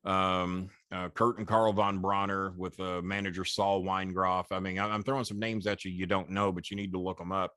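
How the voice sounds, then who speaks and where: A man in his sixties, a former wrestling manager, telling animated, profane anecdotes as a guest in an interview. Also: low-pitched, normal speed, hardly any pauses, smooth, dry recording, studio quality. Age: 60s. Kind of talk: storytelling interview.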